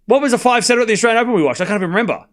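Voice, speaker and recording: A man's voice: very high-pitched, lively intonation. A man streaming casual tennis play-by-play, calling scores and chatting back to viewers late at night. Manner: chatty, banters with viewers, quick score calls. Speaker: livestream tennis commentator. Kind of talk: casual play-by-play commentary and chat replies.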